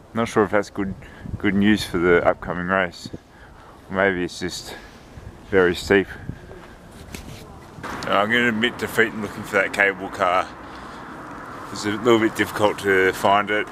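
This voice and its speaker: A man chatting casually as he walks, filming a travel vlog outdoors on a camera he carries, in a relaxed, thinking-aloud manner. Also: low-pitched, normal speed, pauses often, rough recording. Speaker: travel vlogger and marathon runner. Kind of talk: casual walking vlog narration. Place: outdoors on a windy lakeside and hillside town. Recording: outdoor recording with wind and traffic noise.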